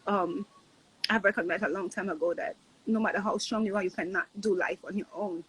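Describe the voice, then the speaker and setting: A woman's voice: medium pitch, steady tone, a little fast, fairly bright tone, slight background noise, poor audio. A woman in her thirties, a guest sharing a heartfelt casual chat, earnest and reflective, often asking "right?". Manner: earnest, reflective, repeats phrases, says "right?".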